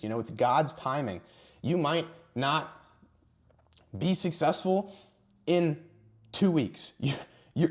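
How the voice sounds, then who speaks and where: A man's voice: a little high, darkish tone. A young man giving an earnest, emphatic motivational talk about faith to camera. He stresses and stretches key words and at times sounds emotional. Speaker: Christian motivational vlogger.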